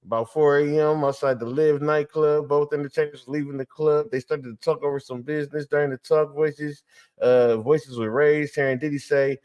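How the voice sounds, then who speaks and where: A man's voice: a little high, fairly even intonation, moderate pace, darkish tone, no echo. A man co-hosting a podcast in casual chat, teasing and telling stories. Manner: teasing, storytelling delivery. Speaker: podcast co-host.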